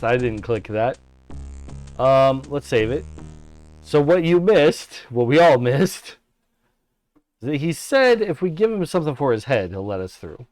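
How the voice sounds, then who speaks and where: A man hosting a let's-play video, talking casually through his moves in a chatty, amused way. His voice is mid-pitched and ordinary, with light music behind him. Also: darkish tone. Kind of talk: casual gameplay commentary.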